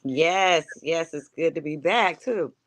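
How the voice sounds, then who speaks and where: A woman co-hosting a casual chat, relaxed and agreeable. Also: low-pitched, takes it slowly. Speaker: co-host. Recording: crowd noise behind.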